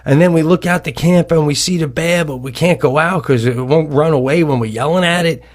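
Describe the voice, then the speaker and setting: A man co-hosting a comedy podcast, telling a long story in an animated, rambling way, cursing and restarting his sentences. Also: fairly high pitch, brisk. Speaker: podcast co-host. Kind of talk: casual storytelling.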